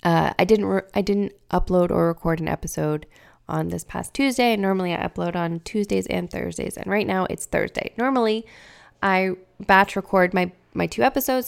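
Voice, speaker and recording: With a medium-pitched, gravelly voice full of fry, this thirtysomething woman hosts a podcast at a slightly quick pace. She speaks openly and emotionally in a casual personal monologue, often hunting for words.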